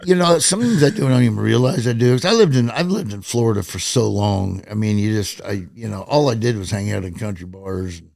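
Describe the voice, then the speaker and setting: A man's voice: fairly low pitch, expressive, a little fast, gravelly, hardly any pauses, a little mellow, dry recording, clean studio sound. A man in his sixties from Nebraska with a Southern accent, telling folksy, rambling stories as an interview guest. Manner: folksy, rambling storyteller, laughs often. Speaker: guest, voice actor. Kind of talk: casual interview chat.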